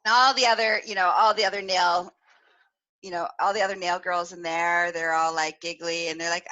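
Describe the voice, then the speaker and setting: A woman podcast host telling a story in casual, animated talk, laughing often and using many fillers. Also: lowish voice, a little fast, no room sound, lo-fi sound. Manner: animated, giggly, lots of fillers. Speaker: podcast host, sexual wellness specialist.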